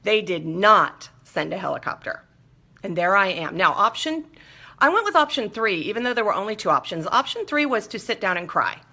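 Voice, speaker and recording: Female host, bright forceful tone, mid-range pitch, lively chatty storyteller with playful asides. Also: normal speed. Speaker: show host. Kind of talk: personal storytelling on a talk show.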